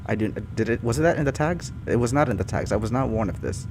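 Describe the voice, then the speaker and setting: A man doing a comic read-through of fan fiction, animated and often breaking off to laugh and comment. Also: mid-range voice, fast, hardly any pauses, background noise. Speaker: YouTuber reading fan fiction. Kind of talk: comic reading with live reactions.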